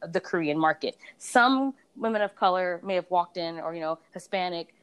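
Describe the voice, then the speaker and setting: A woman's voice: fairly low pitch, moderate pace, smooth. A woman in a casual conversation about beauty brands, a reviewer and blogger who tells her stories with animation and acts out other people's voices.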